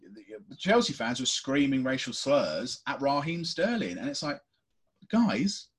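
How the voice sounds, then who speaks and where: A podcast co-host with a husky edge to his voice. He talks in an impassioned rant, his intonation leaping up and down, and he swears without holding back. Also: mid-range voice, lively intonation, moderate pace. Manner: impassioned, ranting, swears freely. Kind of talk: casual chat.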